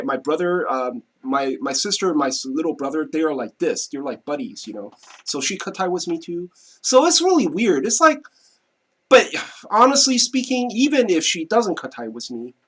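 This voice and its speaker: A man's voice: fairly high pitch, a bit bright, husky. A man talking casually at his desk, rambling and repeating himself with lots of "you know" and "right". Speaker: vlogger. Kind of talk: casual monologue to camera. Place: home, seated at his desk.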